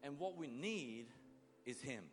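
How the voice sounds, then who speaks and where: A male preacher giving a sermon, swinging between loud bursts and soft, low lines as he acts out biblical figures. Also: expressive, a little slow, faint music behind.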